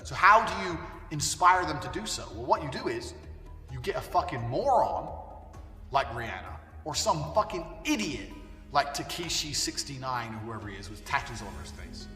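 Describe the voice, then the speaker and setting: A man's voice: mid-range voice, very animated, normal speed, sharp tone. A man delivering a blunt, profane ranting monologue as an online commentator. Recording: echoey hall, voice far from mic, faint music.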